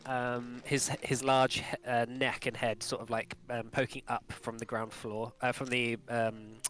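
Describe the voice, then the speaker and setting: A man's voice: mid-range voice, level tone, measured pace, a bit bright. A man running a tabletop game as game master, narrating with many fillers and restarts.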